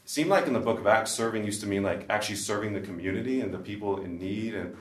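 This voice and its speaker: A man's voice: on the low side, fast. Man telling stories in a roomy hall. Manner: casual, storytelling, frequent restarts and humor. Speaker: speaker at a discipleship forum. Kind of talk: conversational talk to a live audience. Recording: roomy echo.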